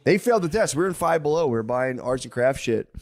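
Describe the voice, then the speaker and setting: A man, co-hosting a casual comedic podcast, rambling and profane, loudly acting out the things people say. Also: a little high, animated, quick pace, dry recording, clean studio sound. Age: 30s. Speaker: podcast co-host.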